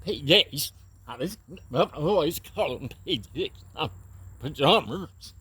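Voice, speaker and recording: Slow husky man. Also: on the high side, animated, pushed and bright. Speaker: co-host. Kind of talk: casual accent-tag chat.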